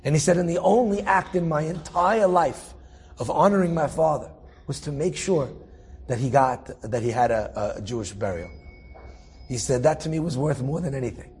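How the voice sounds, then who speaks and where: A man telling a story out loud in a casual, animated way, with fillers and restarts. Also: a little high, normal speed, breathy edge. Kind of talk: spoken storytelling.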